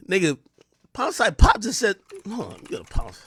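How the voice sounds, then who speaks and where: A man with a New Jersey accent hosting a livestream, delivering a heated, taunting rant that swings between loud jabs and low mutters. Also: huge pitch swings, normal speed, slightly rough, no echo, clean studio sound. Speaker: livestream host. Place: home streaming room.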